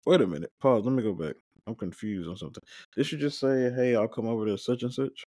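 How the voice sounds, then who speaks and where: A man's voice: medium pitch, fast, mellow, dry recording. A man hosting a podcast, casually retelling a show's episode in a loose, rambling way with plenty of fillers. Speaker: podcast host.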